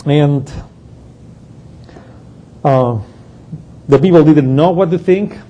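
A man's voice: fairly high pitch, slow, mellow, highs cut off. A man giving an unscripted Bible study lesson, explaining a passage step by step and thinking aloud as he goes. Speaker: Bible teacher.

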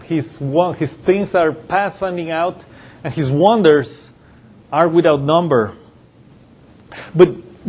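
A man's voice: on the high side, darkish tone, breathy edge. A man preaching a conversational Bible-teaching sermon, often restarting phrases and chuckling as he explains. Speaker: pastor.

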